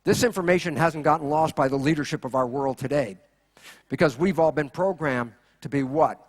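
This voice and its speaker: Male conference speaker, high voice, animated keynote delivery with rhetorical questions. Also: fairly quick. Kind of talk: keynote lecture.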